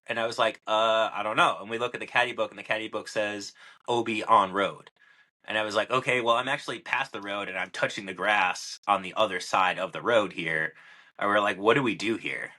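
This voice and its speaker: Young male podcast co-host, bright tone, rambling, filler-heavy storyteller. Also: fairly low pitch, brisk. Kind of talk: casual chat.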